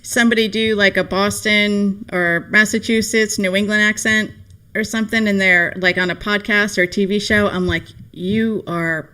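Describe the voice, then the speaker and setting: A woman's voice: mid-range voice, steady tone, normal speed, bright, forceful tone. A woman co-hosting a casual podcast, enthusiastic and gushing. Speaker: co-host.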